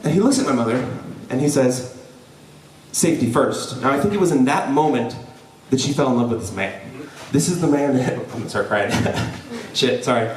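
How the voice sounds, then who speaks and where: A young man telling a personal story live before an audience, lively and joking, with frequent "right?" asides to the crowd. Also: mid-range voice, a little fast, hardly any pauses, slight background noise. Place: event hall before an audience. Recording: roomy hall, voice from a distance.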